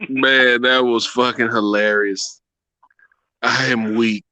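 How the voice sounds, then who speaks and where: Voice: mid-range voice, steady tone, slow pace, pushed and bright, no echo. A co-host DJ on a live stream who keeps breaking into helpless laughter while chatting.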